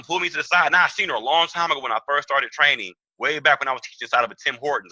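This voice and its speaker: A young man, telling a story in an animated way and acting out the dialogue in a raised voice. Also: medium pitch, no room sound, dull audio. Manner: excitable, acts out quoted dialogue in raised voice. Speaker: trading trainer.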